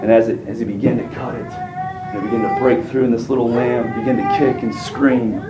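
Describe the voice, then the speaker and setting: A man's voice: medium pitch, fairly even intonation, a little fast, roomy sound, far from the mic, over loud music, low-quality recording. A man preaching a sermon in a folksy, colloquial manner, throwing rhetorical questions at his congregation. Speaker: pastor.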